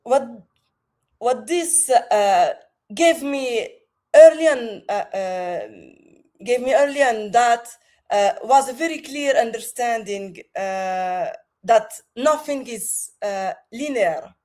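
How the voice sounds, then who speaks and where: A woman with a French accent, a podcast guest speaking over a video call, with many pauses and restarts. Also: on the high side, expressive, darkish tone. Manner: hesitant, many fillers and restarts. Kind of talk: remote interview.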